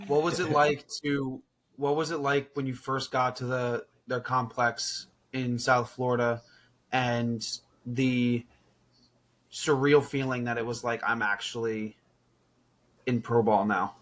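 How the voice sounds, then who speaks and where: A man co-hosts a podcast and asks his guest a long question, pausing and filling as he goes. His pitch stays level and flat. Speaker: podcast co-host. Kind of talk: asking interview questions.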